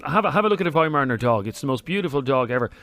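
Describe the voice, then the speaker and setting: A man's voice: medium pitch, animated, rapid-fire, fairly bright tone, dry recording, soft background music. A man co-hosting a radio talk show, teasing and opinionated. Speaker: radio co-host. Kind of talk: casual chat.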